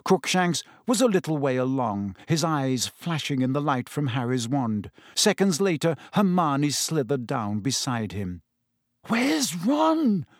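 A man reading a story aloud in a measured, suspenseful narration. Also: mid-range voice, sing-song, dry recording, studio quality. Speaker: audiobook narrator. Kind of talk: scripted narration.

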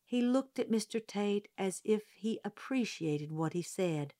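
A woman narrating a novel as an audiobook, in a measured, even manner. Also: medium pitch.

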